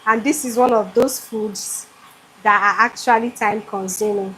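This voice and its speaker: A Nigerian cooking host broadcasts live from her home kitchen in a mid-range, steady, slightly bright voice at a measured pace. She addresses viewers directly and effusively, while a generator runs nearby and slight background noise comes through.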